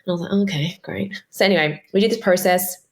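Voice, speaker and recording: An Australian woman in her thirties tells her own story with open candor and a slightly low voice. She swears casually and slips into quoted voices as she speaks. Her tone stays conversational throughout. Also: fast. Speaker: podcast host. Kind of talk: personal storytelling.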